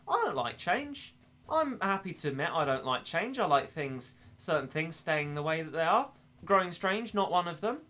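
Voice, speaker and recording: A young English man chatting casually while he streams a game, rambling and joking at his own expense. His voice is bright and sits on the high side for a man. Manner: rambling, self-deprecating, laughs often. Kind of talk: casual gaming commentary.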